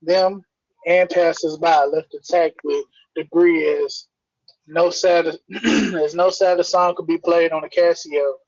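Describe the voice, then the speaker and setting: A man's voice: a little high, steady tone, measured pace, no room sound. Blunt, rhythmic male spoken word poet. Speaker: poet reading on a livestream. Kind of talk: spoken word poetry reading. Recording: dry, dull lo-fi stream audio.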